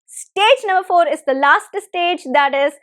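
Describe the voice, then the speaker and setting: High-voiced woman teaching English step by step. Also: expressive, measured pace, a bit bright. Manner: patient, repeats key points, direct instructions. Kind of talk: step-by-step spoken lesson.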